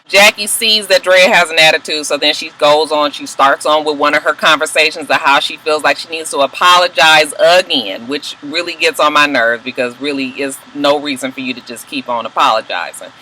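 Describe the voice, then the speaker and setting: A woman recapping a reality TV episode in a blunt, sassy, heavily profane way, her pitch swinging widely as she tells the story. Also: pushed and bright, low-quality recording. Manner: sassy, blunt, heavy swearing, mocking asides; wildly swinging pitch when telling the story. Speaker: TV show recap vlogger. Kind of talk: casual profane recap commentary.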